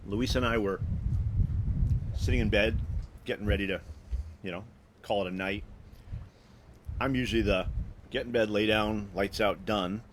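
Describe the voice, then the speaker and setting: A man hosting a live stream, telling a personal story to viewers in an animated, restless way, often restarting his sentences. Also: on the low side, normal speed, long pauses, a little hiss or hum. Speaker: host.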